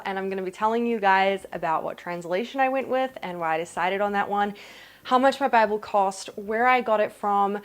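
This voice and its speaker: A young woman from New Zealand talks through a casual unboxing vlog at home. She sits at an ordinary, middle pitch and gushes often, slipping into gasps as she goes. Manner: excitable and gushing, with gasps. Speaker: vlogger.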